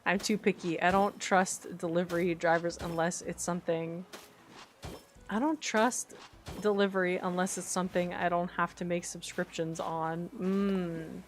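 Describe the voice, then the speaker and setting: A young woman streaming a cozy life-sim game, chatting casually with viewers, giggling often and breaking into excited squeals. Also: fairly low pitch, measured pace, a little hiss or hum. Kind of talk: casual live-stream chat over gameplay.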